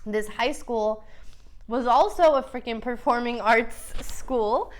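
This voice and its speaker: A woman's voice: a little high, slow pace. A woman hosting a vlog, casually telling a personal story to camera, chatty and earnest, with lots of "like" and mild swearing. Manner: earnest, builds to emotional emphasis.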